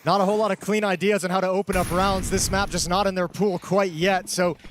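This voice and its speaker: A man's voice: high voice, level tone, fairly quick, background noise. A man giving conversational color commentary on an esports match, analyzing at length with frequent restarts.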